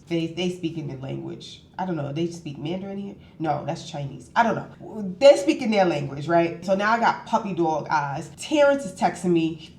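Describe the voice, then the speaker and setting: A woman's voice: fairly low pitch, reverberant, a little hiss or hum. A woman vlogger in a hotel room, telling a travel story casually and acting out the dialogue. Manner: animated storytelling, acts out both sides of the dialogue.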